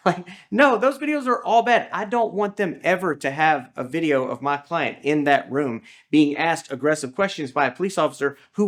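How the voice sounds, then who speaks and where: This is a man, speaking as a lawyer in casual conversation. His voice sits a little high, and he tells stories in a rambling way, peppered with fillers and restarts. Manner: chatty, storytelling, many fillers and restarts. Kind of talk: casual legal discussion.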